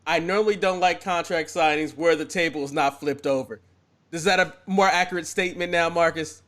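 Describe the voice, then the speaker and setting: A man's voice: fairly high pitch, a little fast. A man co-hosting a casual wrestling podcast, telling stories and acting out quotes with energy. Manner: animated storyteller, acts out quotes. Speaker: podcast co-host.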